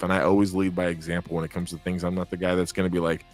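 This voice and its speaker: A man's voice: low-pitched, flat delivery, rapid-fire, faint music behind. A man hosting a casual live podcast, rambling candidly, reading viewer comments aloud and swearing freely. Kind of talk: casual live-stream chat.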